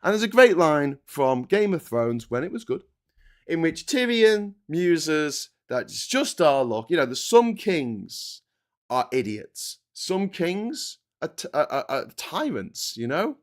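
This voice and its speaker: A man's voice: a little high, very animated, takes it slowly. A man hosting a political commentary monologue, ranting with passion and repeating himself. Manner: impassioned, repetitive, ranting. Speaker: host.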